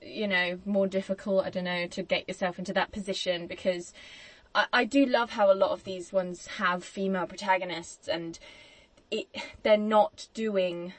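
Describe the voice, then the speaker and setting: A woman hosting a casual film podcast, chatty and quick to laugh, who slips into little acted-out quotes. Her voice sits at a middle pitch. The recording is dry and close, with no room sound. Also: fairly even intonation, no echo. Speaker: podcast host.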